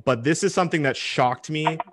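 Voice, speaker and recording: A man hosting a casual interview, giving his views in a halting way with lots of repeated words. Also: a little high, a bit bright, dry recording, studio quality.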